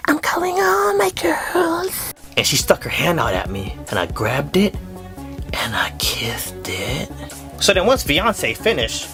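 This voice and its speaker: A man telling funny personal stories in an animated storytelling video, jokey and full of voice switches. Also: mid-range voice, gravelly. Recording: voice-over with music bed.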